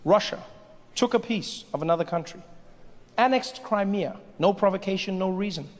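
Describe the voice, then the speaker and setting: A man's voice: sits high, lively intonation, moderate pace. A man performing a stand-up comedy set on a large stage, telling stories animatedly and jumping into character voices. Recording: stage mic with long hall reverb, faint hiss.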